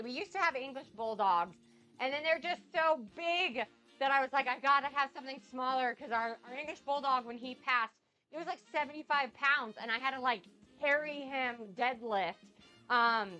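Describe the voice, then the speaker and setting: Excitable woman chatting on her cooking stream, getting over a cold, bright sharp voice. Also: fairly high pitch, dull audio. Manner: bubbly, gushing and excitable. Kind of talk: casual live-stream chat.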